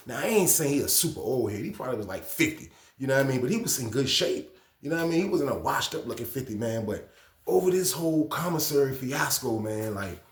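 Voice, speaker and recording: Casual man telling stories, echoey room. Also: mid-range voice. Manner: casual slang, repeats phrases, addresses viewers. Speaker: storytime channel host. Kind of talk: casual prison storytelling.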